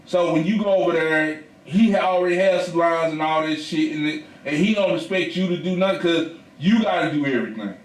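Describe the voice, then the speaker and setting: A man co-hosting a podcast, telling stories in a casual, animated and profane way. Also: a little high, brisk, few pauses, echoey room, far from the mic, low-quality recording. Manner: animated, profane storytelling with laughs. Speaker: podcast co-host. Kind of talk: casual chat.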